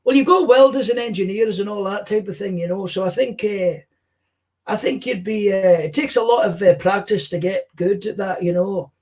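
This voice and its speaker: A man's voice: high voice, moderate pace, pitched above the performer's own voice. A man doing an impression of a famous older Scottish comedian, telling rambling, sweary anecdotes in a Scottish accent. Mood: musing. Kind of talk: stand-up impression, storytelling.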